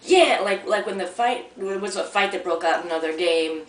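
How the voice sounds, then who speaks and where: A woman's voice: fairly low pitch, fairly even intonation, brisk, a little hiss or hum. A woman casually telling a personal story at home in a chatty, rambling way, often restarting her sentences. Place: at home, near a coffee maker. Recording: roomy sound from a distant mic.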